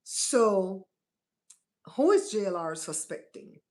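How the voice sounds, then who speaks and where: A woman's voice: medium pitch, sing-song, slow pace. Chatty woman hosting a live stream. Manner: chatty, talks straight to her chat with many "right?" asides. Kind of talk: casual live-stream chat.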